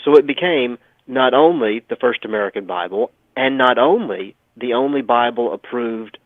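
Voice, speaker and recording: Man, radio guest, emphatic and sarcastic, steady mid voice, tinny phone line. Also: mid-range voice, moderate pace, gravelly, no echo. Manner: emphatic, sarcastic storytelling with repeated phrases. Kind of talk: radio talk show history explanation.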